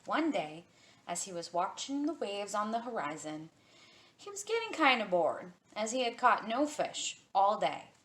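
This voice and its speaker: Expressive woman reading a storytime tale. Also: mid-range voice, measured pace. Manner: expressive, sing-song storytelling. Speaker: children's librarian.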